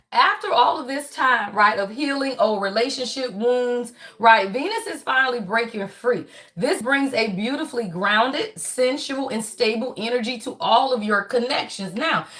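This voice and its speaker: A woman's voice: a little high, fairly bright tone. A woman hosting a morning spiritual live stream in a casual, chatty way, saying "y'all" and "child" again and again, sometimes drifting away from her phone mic as she sets up. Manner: moves around setting up, sometimes off-mic.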